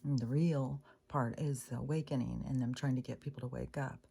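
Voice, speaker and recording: A woman's voice: very deep voice, steady tone, brisk, gravelly, warm tone, a little hiss or hum. A middle-aged woman talking in a rambling, profane, exasperated monologue about society. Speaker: spiritual vlogger. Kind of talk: casual monologue.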